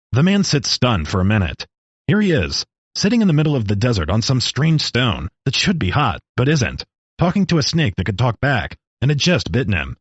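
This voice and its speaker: Guy reading a story out loud, husky, kinda low, muffled dry audio. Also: wildly swooping pitch, moderate pace, no echo. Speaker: narrator.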